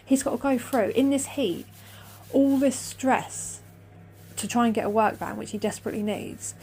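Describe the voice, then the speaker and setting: A woman's voice: on the high side, moderate pace, dark tone. A middle-aged woman telling a long personal story in a casual, rambling, self-deprecating way, acting out her own remarks. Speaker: vlogger.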